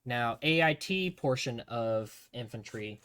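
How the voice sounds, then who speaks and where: Profane, animated male streamer. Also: medium pitch, slow, smooth. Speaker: streamer recalling army basic training. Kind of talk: casual stream chat.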